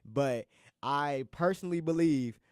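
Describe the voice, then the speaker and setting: A man's voice: fairly high pitch, a little slow, smooth, no echo, studio quality. A young man hosting a college radio show, talking in an earnest, slangy, repetitive motivational way. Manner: earnest, slangy, repeats himself often. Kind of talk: casual motivational talk. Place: radio studio.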